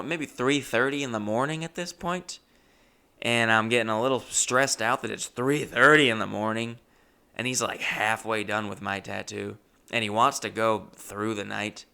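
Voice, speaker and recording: Brief: young man, comic storyteller, self-mocking, frantic bursts, bright and gravelly. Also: medium pitch. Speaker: comedian.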